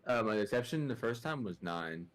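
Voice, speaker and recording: A man playing in a tabletop game, giving brief, low-key answers. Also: lively intonation, moderate pace, fairly bright tone. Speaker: player. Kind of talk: casual chat during a tabletop game.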